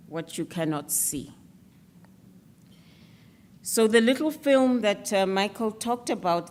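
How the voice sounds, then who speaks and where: A woman giving an earnest, measured speech at an awards event, with some fillers. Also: mid-range voice, a little hiss or hum. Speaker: speaker presenting an alliance against stereotypes.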